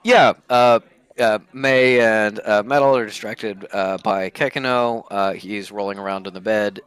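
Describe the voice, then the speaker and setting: A man's voice: lowish voice, fairly even intonation, unhurried, a bit bright, clear, resonant tone, no echo. A man playing a tabletop game on a voice call, speaking in character and narrating his moves, hesitant with many fillers and restarts. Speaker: tabletop player.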